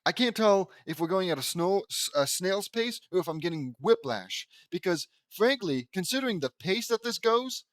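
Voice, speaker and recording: A man's voice: high voice, expressive, normal speed, hardly any pauses, a bit bright, dry recording. Sarcastic man reading fan fiction aloud. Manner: dry, mocking asides. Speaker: reader commenting on fan fiction. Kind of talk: sarcastic dramatic reading with commentary.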